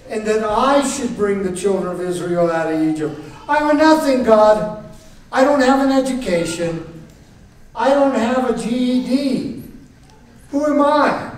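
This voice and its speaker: A preacher playing a pleading, timid Moses. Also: male voice, very high-pitched, heavily acted. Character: Moses, a timid reluctant man. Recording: very echoey hall, voice from far off.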